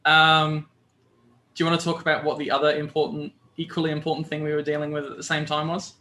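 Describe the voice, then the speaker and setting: Male con host on a video call, bright tone, a bit high, chatty and loose. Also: fast talker, a little hiss or hum. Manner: relaxed, chatty, loose fillers. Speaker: conference host. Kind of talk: casual livestream chat.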